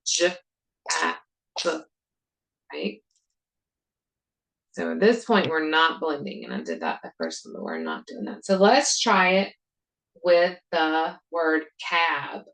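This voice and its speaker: A woman teacher walks through a phonics drill at an unhurried pace, sounding out each word with care. Her voice sits fairly low and carries a gravelly edge. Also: a bit bright, low-quality recording. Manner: slow, deliberate modeling of sounds with repeated prompts. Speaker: reading intervention teacher. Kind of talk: modeling a phonics lesson for teachers.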